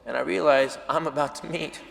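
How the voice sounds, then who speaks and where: A stand-up comedian telling a story on a live stage, loud and animated, dropping to mumbled self-talk. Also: male voice, a little high, fairly quick, vocal fry. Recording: live hall reverb with audience noise.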